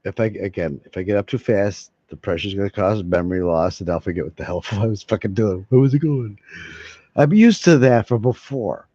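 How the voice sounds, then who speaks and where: Rambling, swearing man with a low, dark voice. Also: lively intonation, a little fast, few pauses, dry recording. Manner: rambling, swears freely, laughs between lines. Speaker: vlogger. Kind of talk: rambling casual monologue to viewers. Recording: dull lo-fi sound.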